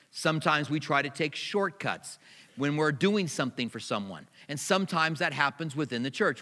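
A man's voice: medium pitch, bright, forceful tone. A middle-aged man preaching a sermon as pastor, in a conversational way with personal stories, in a church hall.

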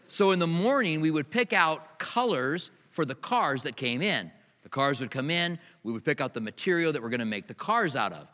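A middle-aged man preaches to his church in a bright, slightly high voice. He talks in a conversational way and weaves personal stories into the sermon. A long reverb from the hall trails each phrase. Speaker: pastor.

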